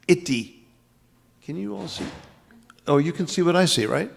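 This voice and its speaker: With fairly high pitch, lively intonation, vocal fry and long pauses, an older man speaks at normal speed. He is a spiritual teacher from the US East Coast, giving a dramatic scripture lecture and repeating key phrases for emphasis.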